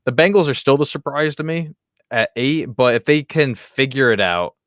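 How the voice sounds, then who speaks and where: A man's voice: medium pitch, moderate pace, fairly bright tone, no echo, studio quality. A man co-hosting a sports podcast, talking in a laid-back way and teasing his co-host with questions. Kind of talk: casual sports chat.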